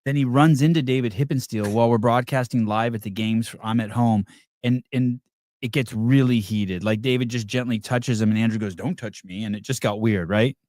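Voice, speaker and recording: Fairly quick and steady in tone, a man hosting a podcast tells rambling stories with plenty of fillers and restarts, voicing the quotes himself. His mid-range voice is a little mellow, recorded in studio quality without echo.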